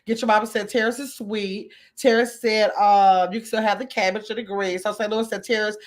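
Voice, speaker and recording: A woman's voice: mid-range voice, fairly even intonation, fairly quick. A woman hosting a livestream from her computer at home, chatting casually with her viewers and reading their comments aloud. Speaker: livestream host reading chat.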